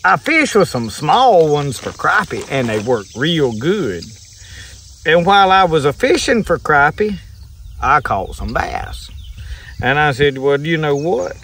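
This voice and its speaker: A fishing vlogger with a Southern US accent talks folksily to camera from his kayak on a pond, rambling and chuckling. His fairly high voice is very animated, pushed and bright, at a measured pace. A little hiss or hum sits under the insects and crickets in the background.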